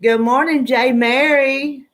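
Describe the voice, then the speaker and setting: Speaking slowly in a high, steady voice, this Southern US woman runs an early-morning livestream. She chats in a laid-back, meandering way and says hello to her viewers by name.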